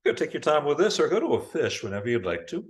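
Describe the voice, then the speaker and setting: A man teaching a yoga class over a video call, giving calm, unhurried cues for breathing and poses. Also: fairly high pitch. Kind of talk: guiding a live online yoga class.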